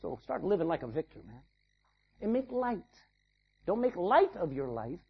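Man preaching a sermon, swings up and down a lot, kinda husky, dull lo-fi sound. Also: high-pitched, normal speed. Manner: animated preaching with acted-out asides. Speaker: pastor.

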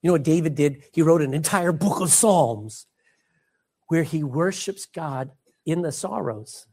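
A man's voice: fairly high pitch, unhurried, warm tone. A man preaching a sermon, reading scripture and calling out emphatically to his congregation.

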